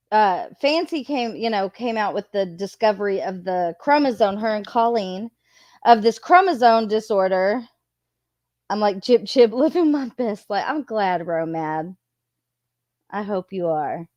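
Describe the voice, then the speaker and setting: A woman's voice: medium pitch, dry recording, highs cut off. A woman chatting casually as a streamer, laughing often and swearing freely. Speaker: streamer reviewing a video. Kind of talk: casual commentary.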